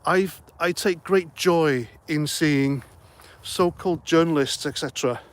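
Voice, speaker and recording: A man's voice: on the high side, unhurried. A middle-aged man hosting a casual livestream, reading out comments and chatting in a rambling, jokey way, a little out of breath. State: slightly out of breath. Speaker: livestream host.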